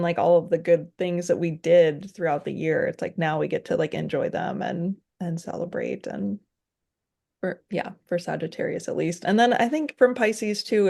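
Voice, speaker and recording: Easygoing woman podcast host, lowish voice. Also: creaky, a little mellow. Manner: easygoing, many fillers, trailing off. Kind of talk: casual podcast conversation.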